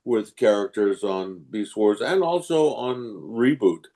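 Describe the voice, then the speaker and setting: Older man, from England, low-pitched, voice actor guest, animated storyteller. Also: measured pace. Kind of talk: casual interview chat.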